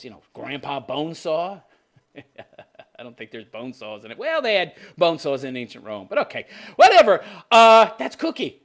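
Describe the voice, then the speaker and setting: Fifties male commentary host, sarcastic and profane, laughing often, with an animated, swinging pitch. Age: 50s. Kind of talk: ranting video commentary.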